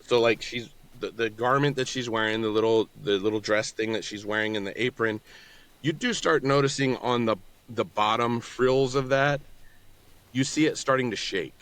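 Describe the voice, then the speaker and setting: A man narrating a tabletop game as game master, in a slow, halting storytelling manner. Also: mid-range voice, a bit bright, no echo.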